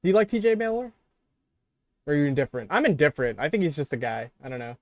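A man's voice: on the high side, sing-song, fast, no echo, dull audio. A man chatting on a podcast, rambling and swearing casually. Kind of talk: casual chat.

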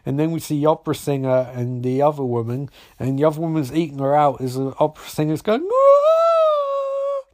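A man's voice: medium pitch, fairly even intonation, fast, few pauses, mellow. A young man casually recapping a TV episode, swearing often and rambling through jokey asides.

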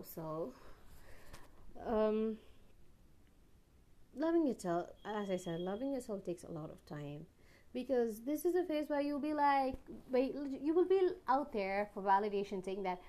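A young woman talking earnestly to the camera about being alone and loving herself, rambling with restarts and occasional sudden loud bursts. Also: mid-range voice. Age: young adult. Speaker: vlogger. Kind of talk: personal reflective monologue.

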